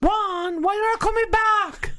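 A man's voice: very high-pitched, steady tone, unhurried, sharp tone, voice pushed up, heavily acted. A man putting on a pushy woman caller who scolds in broken English during a prank call. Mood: scolding. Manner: scolding, repetitive, demanding.

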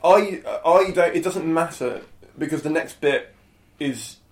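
A young man, a comedian hosting, chatting quickly and breaking off his own sentences. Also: on the high side, roomy sound. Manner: chatty, quick, self-interrupting. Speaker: comedian host. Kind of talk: casual conversation.

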